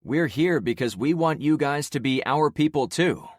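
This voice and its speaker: A man voicing a blunt survivor leader rallying a crowd, forceful and commanding. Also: a little high, normal speed, no echo, studio quality, pitched above the performer's own voice, close to an everyday voice.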